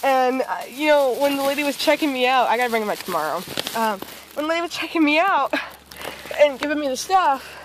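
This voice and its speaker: A woman's voice: high-pitched, expressive, brisk, noisy background. A young woman filming a casual home video, chatting and coaxing her dog along. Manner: chatty, coaxing pet talk.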